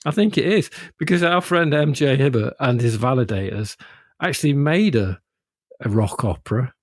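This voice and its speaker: A man's voice: mid-range voice, animated, normal speed, dry recording, clean studio sound. A man co-hosting a podcast, musing thoughtfully in casual chat. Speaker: podcast co-host.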